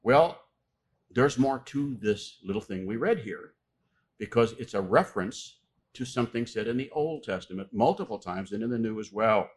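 A man preaching a sermon, reading scripture aloud and pressing key words with loud, emphatic stress. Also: on the low side, expressive. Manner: reads scripture aloud with pauses.

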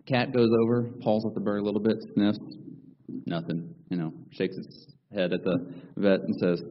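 A man preaching a sermon, opening with folksy jokes and stories before slowing down to read scripture. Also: on the low side, muffled recording.

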